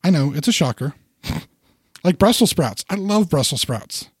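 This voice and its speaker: Man, a bit high, dry close mic, rambling food chat. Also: very animated, moderate pace, slightly rough, dry recording. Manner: rambling, enthusiastic about food, self-deprecating. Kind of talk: casual chat.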